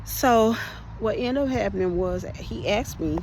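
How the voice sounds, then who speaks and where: A woman's voice: mid-range voice, expressive, measured pace, background noise. A woman hosting a podcast and telling her personal testimony in a conversational way, often speaking to listeners as "y'all" and restarting her sentences.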